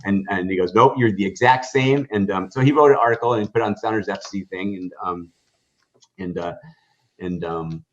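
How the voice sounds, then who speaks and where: A man's voice: low-pitched, animated, normal speed, vocal fry. A man telling a story in a podcast interview, rambling through fillers and restarts and acting out the dialogue. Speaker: guest, hot dog stand owner. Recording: dull lo-fi podcast audio.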